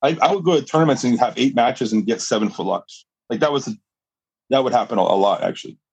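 Husky guy on a podcast, tells his story all animated, keeps laughing and restarting, dry sound. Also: medium pitch, fast talker, dry recording, rough recording. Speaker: guest, jiu-jitsu fighter and coach.

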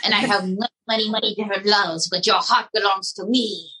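A female ventriloquist voicing a flirtatious male French puppet with a French accent, speaking in a breathy, hushed croon and dropping French phrases. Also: high voice, steady tone, fairly quick, exaggerated voice, low-quality recording.

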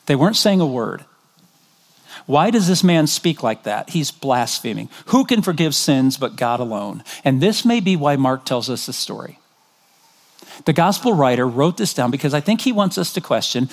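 A middle-aged man preaching a sermon as pastor, conversational, telling stories and quoting scripture. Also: on the high side. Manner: conversational, storytelling, animated when quoting.

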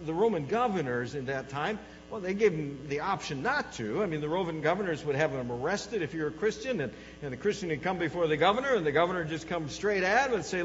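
A man preaching a sermon, moving between soft, low passages and loud, rising ones, and putting questions to the congregation. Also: lively intonation, fast, few pauses. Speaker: pastor. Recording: dull hall recording with mains hum.

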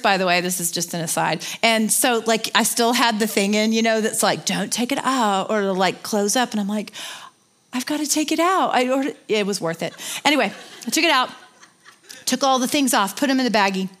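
A woman in her forties, a Bible study teacher, telling a personal story in an animated, emotional way with asides. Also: a little high, fairly quick.

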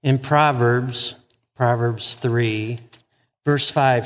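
A man reading scripture and leading a prayer at a church service. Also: mid-range voice. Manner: slow and measured. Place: church hall. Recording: reverberant church hall.

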